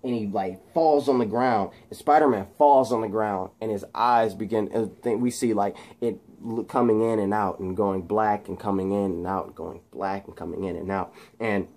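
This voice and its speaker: A man casually retelling a movie scene, excitedly and with lots of sound effects and fillers. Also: on the low side, normal speed, hardly any pauses. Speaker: channel host.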